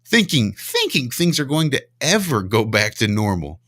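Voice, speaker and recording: A man's voice: mid-range voice, very animated, normal speed, fairly bright tone, no echo, studio quality. A man co-hosting a podcast, talking in a heated, ranting way and swearing now and then. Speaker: podcast co-host. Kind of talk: casual chat.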